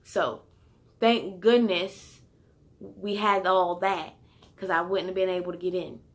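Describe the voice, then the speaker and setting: A woman telling a personal story in a casual vlog, chatty and full of fillers, turning loud and heated at the tense parts. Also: fairly low pitch, fairly even intonation, takes it slowly. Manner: grows loud and heated when retelling the fight. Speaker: vlogger.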